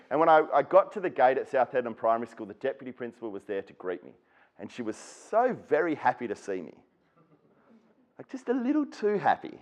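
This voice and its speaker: At an education event, a man with a Western Australian accent gives a personal storytelling talk. He speaks earnestly in a mid-range voice and acts out the people he quotes.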